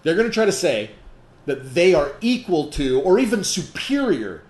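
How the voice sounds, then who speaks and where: A man's voice: a little high, very animated, normal speed, darkish tone. Emphatic male trainer in an echoey room. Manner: emphatic, asks the audience rhetorical questions; checks in with frequent "okay?". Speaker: sales trainer. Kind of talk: training talk to distributors.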